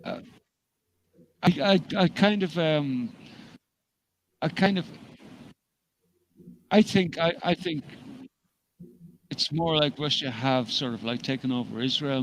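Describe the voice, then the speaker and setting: A man's voice: mid-range voice, unhurried, pauses often. A man chatting casually on a live show, stumbling and hedging as he works through his thoughts. His voice sits in an ordinary middle range. A faint hiss runs under the recording. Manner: hesitant, restarts and hedging. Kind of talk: casual live-stream chat.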